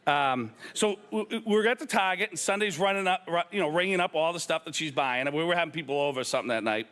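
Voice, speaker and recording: Man, Boston accent, memorial storytelling, high bright voice, animated. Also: fast. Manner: animated anecdotes, acts out others' lines. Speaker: police officer sharing memories at a memorial.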